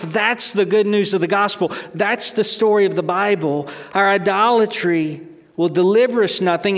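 A man's voice: high voice, fairly bright tone, long reverb tail. A middle-aged man, a pastor, delivering a sermon emphatically, with rhetorical questions and restarts.

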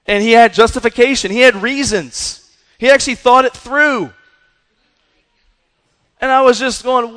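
Male youth preacher with a high voice, punchy and conversational, recorded in a big reverberant hall. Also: normal speed, pauses often. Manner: energetic, repeats "right?" and "listen". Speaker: youth pastor. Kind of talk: sermon to young people.

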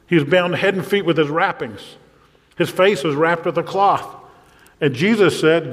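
A male pastor preaching a sermon with animation, moving between quiet, low passages and loud exclamations. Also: normal speed. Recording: long reverb of a large hall.

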